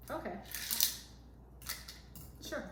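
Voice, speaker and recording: A woman co-hosting a podcast, chatting casually and giggling as she mixes a cocktail. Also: extremely slow. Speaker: podcast co-host, dentist. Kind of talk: casual chat while mixing a cocktail. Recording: echoey room with background noise.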